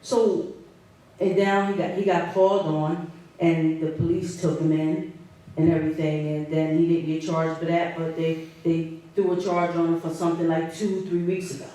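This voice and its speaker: Upset woman at a town meeting, halting and emotional, far off, lots of echo. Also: on the low side, little pitch movement, dark tone. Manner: emotional, hurt, pleading, halting. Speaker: resident speaking at a public meeting. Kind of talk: public comment. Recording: echoey hall, distant mic.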